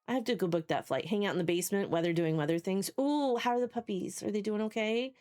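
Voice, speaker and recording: A woman's voice: medium pitch, quick pace, warm tone. A woman streaming live who chats casually with her viewers, rambling, swearing freely and laughing often. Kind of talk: casual chat. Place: home basement.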